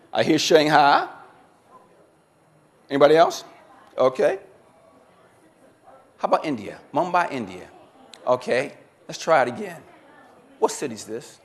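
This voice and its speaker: Lively man giving a seminar talk. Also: a little high, takes it slowly, long pauses. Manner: interactive, quizzing the audience and repeating their answers. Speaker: keynote speaker. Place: conference room with a live audience.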